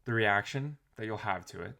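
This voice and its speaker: Brief: man with a lowish voice, reflective and rambling, casual motivational vlog. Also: normal speed, creaky. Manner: reflective, rambling, with restarts and soft trailing phrases. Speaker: motivational vlogger. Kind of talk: casual motivational talk to camera.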